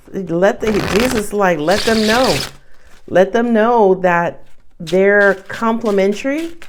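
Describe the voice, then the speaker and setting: A woman with a New York accent reads tarot cards in a casual, animated way, full of slangy asides. Her voice sits at an ordinary middle pitch. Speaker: tarot reader. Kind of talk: casual tarot reading to camera.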